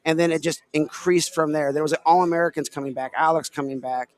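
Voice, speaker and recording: A man's voice: on the high side, fairly even intonation, fast talker. A man from Illinois hosting a casual podcast, talking in a rambling, filler-heavy way. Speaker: podcast host. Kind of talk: casual chat.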